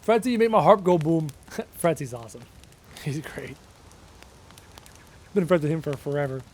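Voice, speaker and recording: Late-20s male streamer, high voice, chatty and self-mocking, voice getting worn. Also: animated, moderate pace, pauses often. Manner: chatty, answers chat questions aloud, self-mocking jokes. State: voice wearing out, losing his voice. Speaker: live streamer. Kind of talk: casual live-stream chat while playing.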